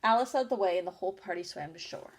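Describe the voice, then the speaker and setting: Woman reading a storybook aloud, unhurried. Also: on the low side, a little hiss or hum. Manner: unhurried, with small slips and self-corrections. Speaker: audiobook reader.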